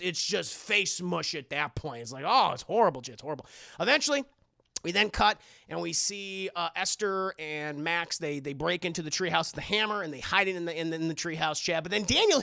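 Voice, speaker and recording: A man on a live stream retells a horror film in a profane, animated way and acts out every scene. His voice is gravelly and bright, and his pitch swings widely. The sound is close and dry, with no room around it. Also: no echo. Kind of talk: casual livestream chat.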